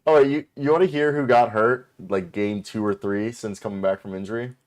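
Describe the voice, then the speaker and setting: A man's voice: on the low side, brisk, a little mellow. A man co-hosting a basketball podcast in casual chat, teasing and joking. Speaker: podcast co-host.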